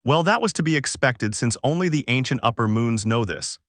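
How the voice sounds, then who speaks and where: Man reading a cheerful excitable demon elder. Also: medium pitch, a little fast, no echo, clean studio sound, natural voice.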